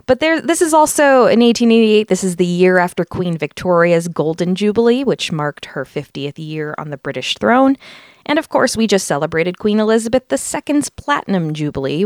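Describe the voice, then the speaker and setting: Brisk and animated, a woman with a mid-range voice speaks over clean studio sound with no room noise. She hosts a podcast in the United States, mixing easygoing talk with research narration full of fillers.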